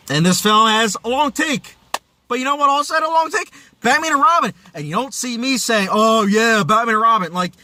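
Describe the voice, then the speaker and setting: A man's voice: sits high, fairly bright tone, no echo. A man reviewing a film in a casual video, ranting in exasperation, losing his voice and talking straight to his viewers. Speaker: movie reviewer.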